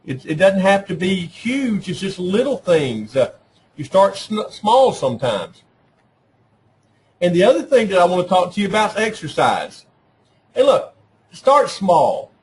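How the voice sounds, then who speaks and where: High-voiced man giving a chatty talk. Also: big pitch swings, normal speed, slight background noise, low-quality recording. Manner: conversational, keeps asking "right?"; self-deprecating humor. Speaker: workshop presenter. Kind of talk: informal talk at a professional development session.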